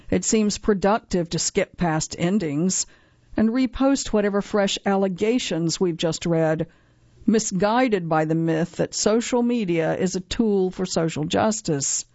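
A woman narrates a news feature from a script, in a measured, even reading. The recording is dry and a little dull. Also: lowish voice, dry recording.

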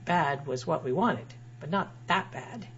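A woman's voice: low-pitched, lively intonation, unhurried, breathy edge. A woman writer reading her own personal essay aloud in a wry, dryly humorous way. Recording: dull lo-fi sound with faint hum.

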